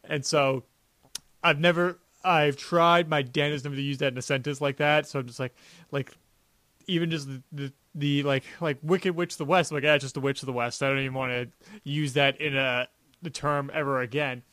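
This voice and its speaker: A man's voice: a little high, fairly even intonation, moderate pace, a bit bright, dry recording. Rambling young man on a podcast. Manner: rambling, many restarts and "like" fillers. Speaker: podcast co-host. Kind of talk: casual chat.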